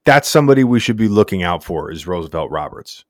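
A man's voice: deep voice, big pitch swings, fast, no echo, clean studio sound. A man co-hosting a casual sports podcast, laid-back and slangy, rambling through recaps. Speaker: podcast co-host.

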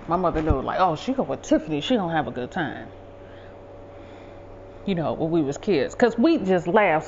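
A woman's voice: fairly low pitch, dull audio, slight background noise. A woman hosting a podcast, telling a personal story in a rambling, conversational way and often correcting herself mid-sentence. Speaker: podcast host. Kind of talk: casual storytelling monologue.

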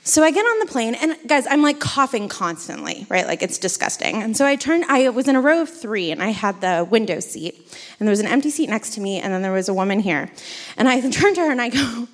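A woman's voice: on the high side, sing-song, brisk. A woman co-hosting a podcast, telling a self-mocking anecdote live on stage with lots of fillers and asides. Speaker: podcast co-host. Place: theater stage before a live audience.

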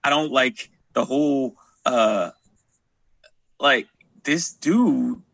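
A man's voice: medium pitch, very slow, gravelly, fairly bright tone, no echo. A man co-hosting a casual podcast about a TV show, blunt and opinionated.

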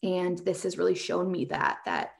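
Brief: young woman teacher, earnest interview guest, gravelly fry in a lowish voice. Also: huge pitch swings, normal speed. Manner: earnest, many fillers like "you know". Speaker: high school teacher, guest. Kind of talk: emotional interview talk.

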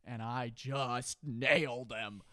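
A young man chatting casually as a podcast co-host, animated and self-deprecating. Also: mid-range voice, slow, no room sound, studio quality. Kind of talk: casual chat.

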